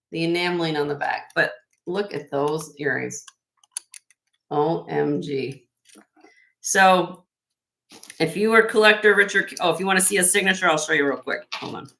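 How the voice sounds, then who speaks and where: With a lowish, bright voice and a forceful tone, a Midwestern woman runs a live-stream vintage jewelry sale. She's chatty and effusive as she displays each piece. The audio is poor.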